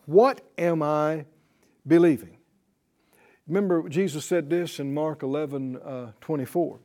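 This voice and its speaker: A man with a high, mellow voice teaches a Bible class at an unhurried pace. He presses his points with emphasis, circles back to repeat them, and keeps firing questions at his students.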